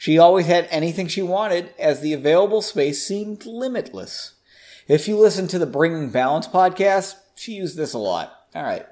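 Male podcast host reading fiction, lively and slightly high, jokey. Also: moderate pace. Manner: playful, jokes and laughs at the text. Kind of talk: story reading with casual asides.

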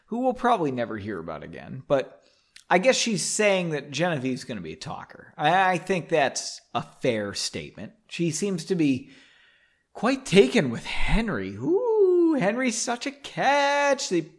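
A man hosting a comic read-along of a book, rambling and sarcastic, often correcting himself as he goes. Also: fairly high pitch. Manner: rambling, sarcastic, self-interrupting. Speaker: host reading a book aloud.

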